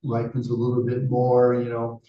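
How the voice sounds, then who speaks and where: A man's voice: medium pitch, monotone, normal speed. A male Buddhist teacher telling a dharma story in a casual, chatty way, full of "you know" asides. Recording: roomy, distant, dull sound.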